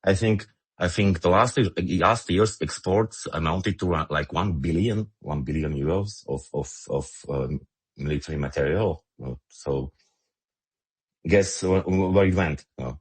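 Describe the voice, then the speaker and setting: A man's voice: sits low, unhurried, slightly rough. A man from Slovakia with a Slovak accent speaking English, talking emphatically and repeating words as he searches for them in an online audio discussion. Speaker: guest commentator.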